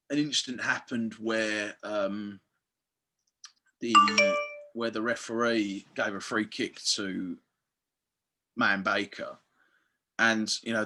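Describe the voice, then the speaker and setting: Bright-voiced man telling footie stories. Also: fairly low pitch. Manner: animated storyteller, swears freely, acts out quotes. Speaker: football fan guest. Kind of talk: casual podcast chat.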